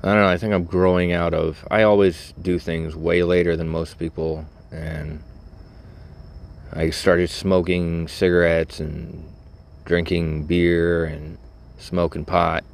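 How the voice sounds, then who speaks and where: A middle-aged vlogger delivers a casual, rambling monologue from a vehicle, blunt and cynical, heavy on fillers with the odd curse. His voice is deep and creaky, his tone level, his pace slow.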